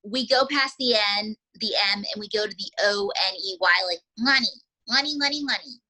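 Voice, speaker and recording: Bright-voiced woman teaching ventriloquism. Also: mid-range voice, a little fast, rough recording. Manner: chatty, demonstrative. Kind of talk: casual instruction.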